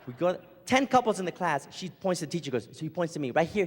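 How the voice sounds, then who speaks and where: A man's voice: on the high side, lively intonation, quick pace, hardly any pauses. A man doing a stand-up comedy set on a theater stage, telling stories animatedly and acting out his wife's lines. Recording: live hall reverb, faint ambience.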